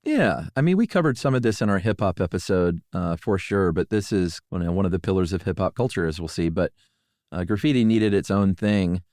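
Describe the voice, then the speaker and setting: Middle-aged man, lowish voice, laid-back podcast co-host, dry close studio mic. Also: fairly quick, no echo. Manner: relaxed, rambling, full of fillers. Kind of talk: casual chat.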